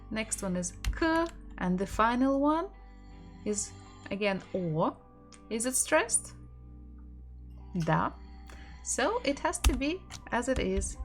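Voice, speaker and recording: A woman teaching a live-streamed Russian lesson, patiently spelling out words letter by letter and reading viewers' messages aloud. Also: a little high.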